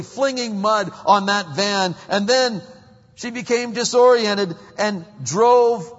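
Male preacher, high voice, lively storytelling delivery, long hall echo. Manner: animated storyteller, swings from loud to hushed. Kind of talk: sermon. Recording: muffled hall recording with long reverb.

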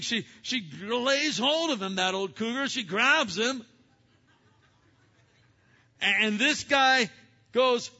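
Male preacher, high bright voice, emphatic sermon delivery, long reverb. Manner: emphatic, dramatic swings between loud and hushed. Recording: dull sound with long hall reverb.

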